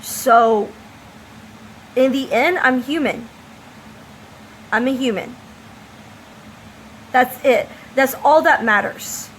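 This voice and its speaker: Vlogger woman, high voice, slow deliberate delivery, faint room ambience behind. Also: a bit bright, a little hiss or hum, low-quality recording. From United States. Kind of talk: opinion monologue to camera.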